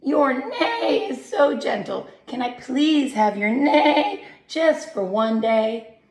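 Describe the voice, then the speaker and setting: A whiny young turkey hen, played by a woman reading aloud, begging in a high squawk that cracks up into shrill gobbles. The voice is bounced around a roomy, echoing space for a storybook read to kids. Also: slow. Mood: pleading. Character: young female turkey, self-pitying and pleading.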